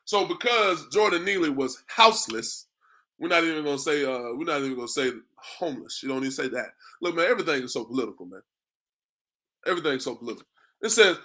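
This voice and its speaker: A fairly high-pitched man, animated and a little fast, with a bright and forceful tone, gives a street-preaching class lecture. He talks like a preacher, bombarding listeners with rhetorical questions and the word "man," and chuckles frequently.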